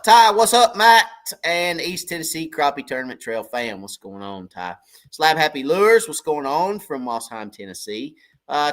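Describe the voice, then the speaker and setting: A middle-aged man hosts a casual fishing livestream for his channel, rambling in a folksy way and greeting viewers by name. His voice is medium-pitched with a fairly bright tone.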